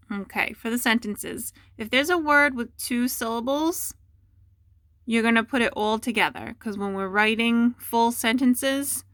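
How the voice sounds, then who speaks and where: A woman teacher dictating a spelling test to students at home, repeating each word slowly and giving patient instructions. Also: mid-range voice, a bit bright, no room sound, studio quality. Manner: slow, deliberate dictation with repeated words.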